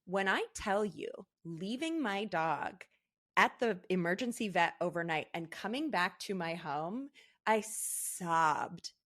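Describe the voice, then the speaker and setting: A woman's voice: on the low side, animated, slow, fairly bright tone. A woman speaking as a podcast guest, telling personal stories candidly and with emotion in casual conversation.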